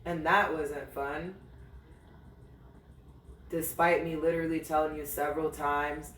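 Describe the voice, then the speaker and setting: A high-pitched man recounting his own story for a podcast in a blunt, profane way, as if talking straight to his ex. He takes his time with each thought. The room is echoey and he sits back from the microphone. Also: flat delivery, measured pace, long pauses, a bit bright, far from the mic, slight background noise. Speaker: podcast host. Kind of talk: candid storytelling monologue. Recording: roomy, a little off-mic.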